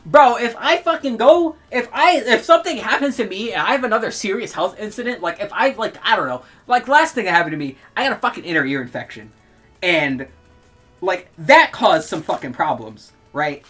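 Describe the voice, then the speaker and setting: A woman's voice: medium pitch, sing-song, brisk, fairly bright tone, faint music behind. A young adult woman streamer ranting in heated, profane commentary and laughing between outbursts.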